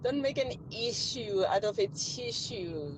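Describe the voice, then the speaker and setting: A woman's voice: fairly high pitch, lively intonation, a little slow, noisy background. A woman leaving a breezy, laughing voice note for a radio show. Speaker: radio caller.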